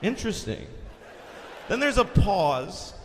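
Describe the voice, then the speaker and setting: A man performs stand-up, telling a story with high, swooping energy and profanity, often shouting his punchlines. His voice sits high and leaps across a wide range. The sound has the long echo of a live venue over a faint hiss. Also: sing-song, slow. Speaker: stand-up comedian.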